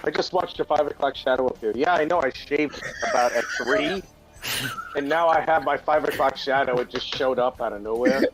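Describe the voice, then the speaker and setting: A man's voice: mid-range voice, fairly quick, music in the background, low-quality recording. A man co-hosting a casual live-stream chat, teasing and blunt. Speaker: co-host.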